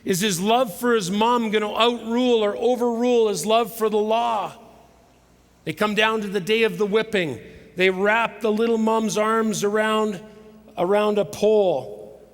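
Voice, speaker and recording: A man's voice: high-pitched, fairly even intonation, unhurried. Dramatic male speaker in a reverberant hall. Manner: dramatic storyteller, swings from loud to hushed. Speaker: conference speaker. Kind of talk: motivational sermon with storytelling. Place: large hall with live audience. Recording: live hall recording with long reverb.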